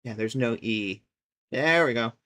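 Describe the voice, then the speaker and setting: A woman's voice: very deep voice, a little slow, a bit bright. A woman casually chatting and thinking aloud while she plays a game on a live stream, sometimes mocking herself. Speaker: livestreamer.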